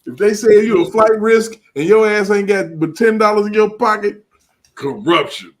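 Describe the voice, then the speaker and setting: Excitable profane man hosting. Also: high voice, normal speed. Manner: excitable, profane, laughing reactions. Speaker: podcast host and DJ. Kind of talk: casual reaction chat.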